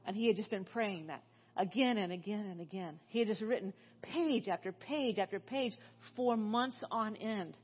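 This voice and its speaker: A woman's voice: mid-range voice, normal speed, slightly rough, dull audio. A middle-aged woman giving a sermon in a church, telling stories in a chatty way full of fillers and restarts. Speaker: guest speaker. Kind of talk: storytelling sermon.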